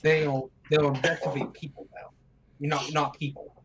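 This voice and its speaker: A man's voice: a little high, little pitch movement, fairly quick, a crowd in the background. A man playing in a tabletop game, cocky and full of puns in casual chat. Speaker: player.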